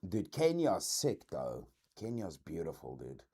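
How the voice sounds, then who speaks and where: A man from South Africa with a South African accent, hosting a casual livestream reaction chat in a slangy, swearing, animated way. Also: low voice, a little slow, vocal fry, slightly rough. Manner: animated, slangy, says dude a lot, swears. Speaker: streamer host.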